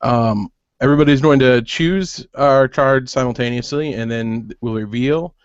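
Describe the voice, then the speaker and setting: A man who designs games, calmly walking people through rules with frequent pauses. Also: medium pitch, clean tone, no echo. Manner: patient, methodical, with frequent "uh" pauses. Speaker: game designer guest. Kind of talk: explaining game rules on a video call. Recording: muffled web call audio.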